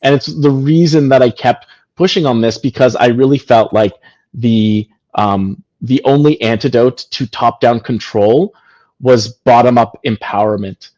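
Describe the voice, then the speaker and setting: A man's voice: medium pitch, unhurried, darkish tone. Earnest man on a dull lo-fi line. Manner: earnest, reflective, meandering. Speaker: founder being interviewed. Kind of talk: casual conversation.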